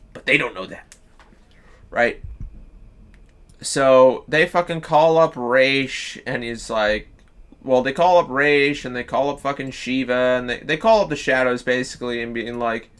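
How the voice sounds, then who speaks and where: A man streaming live, pitching a story in loose casual chat, swearing freely and restarting sentences. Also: unhurried, long pauses, a bit bright, smooth. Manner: profane, loose, full of fillers and restarts.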